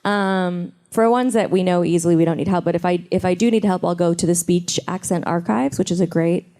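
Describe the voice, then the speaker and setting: Mellow-voiced woman chatting with fans on a con panel, playful storyteller, handheld mic. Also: lowish voice, a little fast. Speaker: convention panel guest. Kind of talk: casual panel Q&A. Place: convention panel room.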